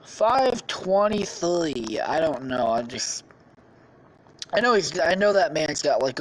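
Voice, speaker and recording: Slow, swearing woman rambling casually. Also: deep voice. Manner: profane, rambling, lots of swearing. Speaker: podcast host.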